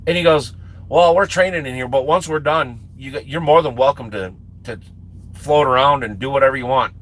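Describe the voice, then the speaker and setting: A man's voice: mid-range voice, fairly quick, a bit bright, slight background noise, rough recording. A man hosting a livestream, telling a long personal story in a casual, profane way with laughing asides. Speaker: livestream host.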